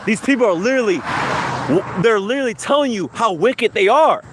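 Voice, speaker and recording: A heated, profane man ranting into his phone as he walks a city street. His voice sits high and he hammers points with repetition. A faint hum of traffic sits under him. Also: expressive, a little fast. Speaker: livestream host. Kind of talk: angry street rant. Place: outdoors, walking down a city street.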